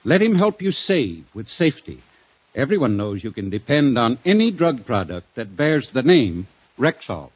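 A man reading a 1940s radio commercial in a smooth, persuasive sales delivery. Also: medium pitch, sing-song, normal speed, slight background noise. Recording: dry, muffled old radio recording.

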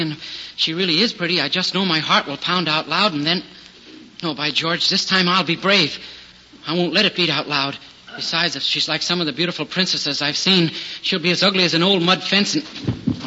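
A timid young knight, acted by a man, high and piercingly bright, fumbling and meek. It is a storybook record. The sound is dull and carries a long, hall-like reverb. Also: a little fast. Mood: flustered. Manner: meek and flustered. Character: timid, bashful young knight, easily frightened.

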